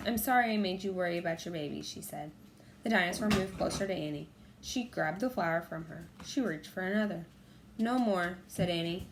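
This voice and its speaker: A woman's voice: on the low side, a little fast, slight background noise, natural voice. A woman reading a children's audiobook, voicing a bold, cheerful, curious young girl in an eager, sing-song manner. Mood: soft.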